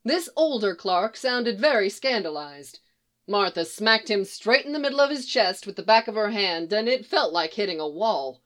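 A woman reads fiction aloud at an even pace in a mid-range voice. Her storytelling is steady and expressive. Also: medium pitch, normal speed. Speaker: reader.

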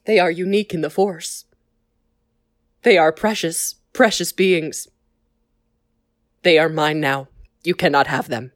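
A woman's voice: low-pitched, a little slow, long pauses, dry recording, clean studio sound, voice pushed down. A woman voicing a protective alien Jedi master who gushes with possessive praise.

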